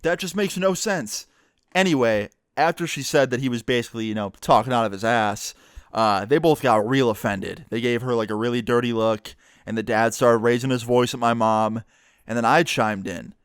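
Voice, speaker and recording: Smooth-voiced young man telling a story. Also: medium pitch, moderate pace, no echo, clean studio sound. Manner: profane, animated retelling with quoted dialogue. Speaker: YouTuber. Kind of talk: casual storytime monologue.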